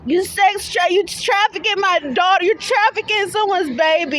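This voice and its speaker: High-voiced woman crying in an angry rant. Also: normal speed, few pauses, low-quality recording. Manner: angry, tearful, profane, repetitive. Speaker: mother posting a video appeal. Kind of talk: emotional selfie vlog rant. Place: outdoors at a city bus stop. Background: faint street traffic and passersby.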